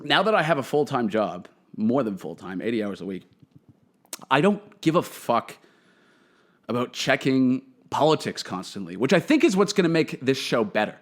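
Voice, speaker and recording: A man's voice: medium pitch, big pitch swings, moderate pace. A man hosting his own comedy podcast alone, delivering a profane, opinionated monologue into a podcast microphone. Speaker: podcast host.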